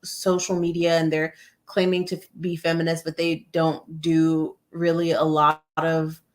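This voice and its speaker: A woman speaking as a guest in a casual discussion, hesitant with many pauses and restarts. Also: low-pitched, completely flat delivery.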